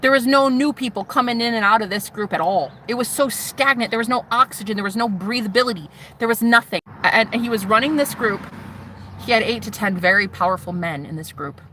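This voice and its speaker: A woman vlogger telling her personal story to camera, animated and sassy, swearing freely and calling the viewer "honey". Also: a little high, fairly quick, a little hiss or hum. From United States. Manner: swears freely, shouts mocking retorts.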